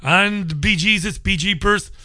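A male radio talk show host giving crude, mocking commentary with loud bursts. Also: high-pitched, unhurried, no room sound, clean studio sound. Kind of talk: ranting commentary.

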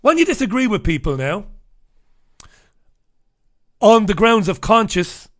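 A man's voice: sits high, sing-song, measured pace. An Irish man hosting a talk radio show, ranting bluntly and swearing freely. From Ireland. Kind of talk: opinionated talk radio monologue.

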